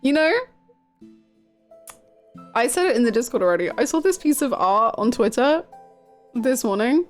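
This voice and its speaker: A woman's voice: on the high side, expressive, normal speed, pauses often, faint music behind. A woman live-streaming, chatting casually with her viewers, gushing and swearing freely. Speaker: game streamer.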